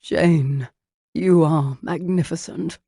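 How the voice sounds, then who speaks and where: A woman narrator voicing a charming young nobleman who teases his lover, speaking in a low murmur. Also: fairly even intonation, slow pace, gravelly, warm tone, breathy edge, no room sound, studio quality, exaggerated voice. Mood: teasing. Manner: teasing, low murmuring delivery. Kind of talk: audiobook character voicing.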